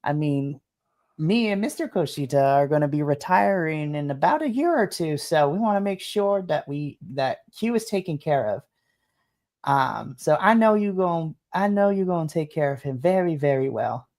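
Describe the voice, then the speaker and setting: Mulher fazendo uma matriarca idosa e maternal, dona de restaurante, um pouco mandona, com voz mais grave. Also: female voice, deep voice, expressive, normal speed. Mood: affectionate. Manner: motherly, gently bossy, a little sarcastic. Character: warm, motherly older woman restaurant owner.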